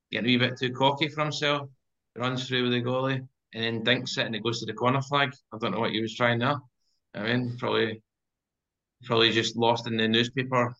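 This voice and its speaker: A Scottish man chatting about football as a podcast guest, animated and acting out scenes as he tells them. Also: mid-range voice, brisk. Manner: animated storyteller, acts out scenes. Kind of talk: casual football chat. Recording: dull lo-fi sound.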